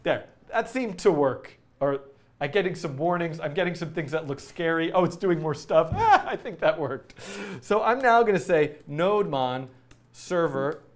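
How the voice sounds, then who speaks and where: A man's voice: a little high, big pitch swings, moderate pace. A middle-aged man teaching coding in a casual, rambling way, often laughing and correcting himself as he works. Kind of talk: casual live-coding tutorial.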